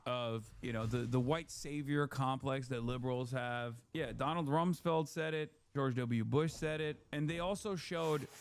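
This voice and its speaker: A man's voice: mid-range voice, a little slow, hardly any pauses, slight background noise. A man hosting a live stream, giving sarcastic, rambling political commentary full of "like" and asides.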